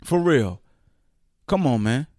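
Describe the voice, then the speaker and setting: A man hosting a podcast, ranting in casual slang with incredulous, mocking asides and quick put-on quotes. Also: mid-range voice, expressive, darkish tone, no room sound, clean studio sound. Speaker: podcast host. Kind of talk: casual commentary rant.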